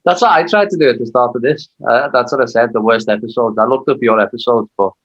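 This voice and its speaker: A man's voice: medium pitch, quick pace, highs cut off. A man from Liverpool with a Scouse accent, hosting a casual interview with loose, laughing questions. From Liverpool, England. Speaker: podcast host.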